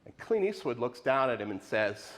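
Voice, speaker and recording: A man preaching a sermon to his congregation, animated and questioning, with lots of rhetorical repetition. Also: mid-range voice, normal speed. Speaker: pastor. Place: church sanctuary. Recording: live in a reverberant sanctuary.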